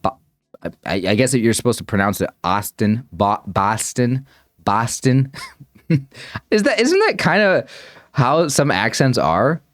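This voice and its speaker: A man's voice: mid-range voice, huge pitch swings, moderate pace, fairly bright tone, no room sound, clean studio sound. A man thinking aloud as he reacts to a puzzle video, rambling and correcting himself as he goes. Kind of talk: casual thinking-aloud commentary.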